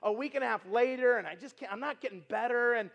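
High-voiced preacher in an echoing hall. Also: male voice, fast talker, vocal fry, lo-fi sound. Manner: conversational and animated, with filler words and loud emphatic peaks. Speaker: itinerant preacher. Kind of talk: sermon with personal storytelling. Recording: long reverb from a large hall.

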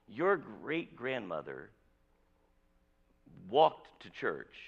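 A man's voice: on the low side, creaky, a bit bright, dull audio. A male pastor preaching a sermon in a conversational, jokey way, with many restarts.

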